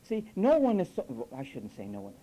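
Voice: medium pitch, wildly swooping pitch, fairly quick, warm tone, rough recording. A preacher delivering a sermon with sarcastic asides, mimicking the phrases he criticises. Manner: sarcastic, mocks quoted phrases with acted voices.

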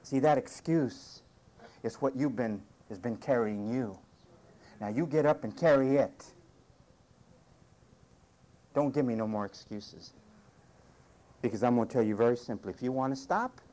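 A man's voice: mid-range voice, a little slow, pauses often, dark tone. A male pastor preaching a sermon with emphatic, punchy commands and wry humor. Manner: wry humor, mimics whiny complainers.

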